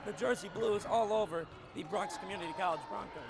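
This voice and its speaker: A man with a raspy, gravelly voice calls basketball play-by-play from a skybox, bursting into shouts on big plays. His voice sits a bit high for a man. Arena ambience and the bounce of a ball come through a noisy broadcast feed. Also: quick pace. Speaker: play-by-play commentator.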